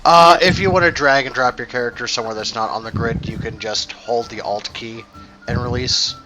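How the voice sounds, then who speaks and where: Man, game master, casual, quick explaining, clear music behind. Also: mid-range voice, highs cut off. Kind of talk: running a tabletop game.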